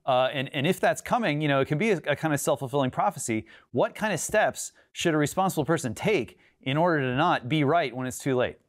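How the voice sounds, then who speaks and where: Man, interview host, rapid speech, higher pitch, long questions with fillers. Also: animated. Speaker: show host. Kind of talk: conversational interview.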